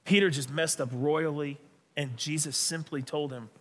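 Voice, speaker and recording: A man delivering a sermon as pastor, preaching in an animated, dramatic way with sudden emphatic bursts. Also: fairly high pitch, moderate pace.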